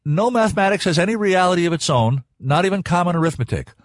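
A man's voice: high-pitched, expressive, fast, dry recording, clean studio sound, voice pushed up. A man doing a brash, confident teenage boy.

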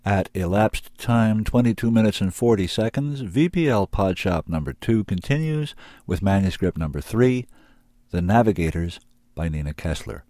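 A man narrates a story in a measured, steady read. His voice is very deep, and the recording is close and dry, with no room sound at all. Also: dry recording. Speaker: reader of submitted manuscripts.

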